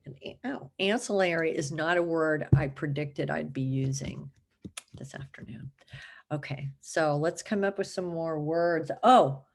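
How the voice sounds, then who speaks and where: A woman's voice: low voice, a little slow, vocal fry. A woman chatting casually to the camera, rambling and self-mocking, laughing often and slipping into put-on accents for fun. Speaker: vlogger.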